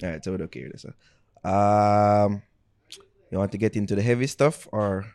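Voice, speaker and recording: Laid-back Jamaican man, low voice. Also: moderate pace, darkish tone, smooth. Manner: laid-back, mixes patois into speech. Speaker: podcast co-host. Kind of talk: casual chat.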